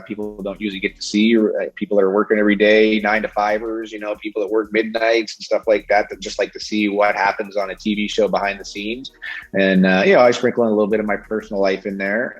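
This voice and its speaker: A man's voice: on the low side, highs cut off. A middle-aged man chatting casually as an interview guest, friendly and rambling, with lots of fillers and restarts. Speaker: TV technical advisor, interview guest.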